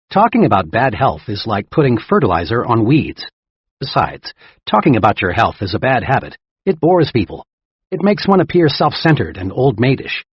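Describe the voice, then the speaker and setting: A man narrating a self-help audiobook in a lively, emphatic reading style. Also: mid-range voice, breathy edge, no room sound. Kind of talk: scripted narration. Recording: dull lo-fi dry recording.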